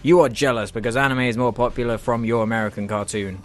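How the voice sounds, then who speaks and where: A man's voice: mid-range voice, fast, soft background music. A British man reading out viewer comments and answering them in a sarcastic, swearing comedy rant. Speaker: YouTuber reacting to comments.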